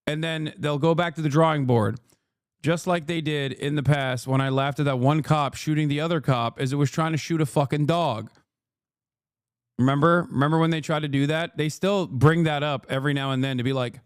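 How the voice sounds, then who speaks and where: A man's voice: fairly high pitch, steady tone, fairly quick, smooth, no room sound, clean studio sound. A man in his thirties streaming live, reacting to clips and arguing with his chat in a profane, sarcastic, combative way. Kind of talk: livestream reaction commentary.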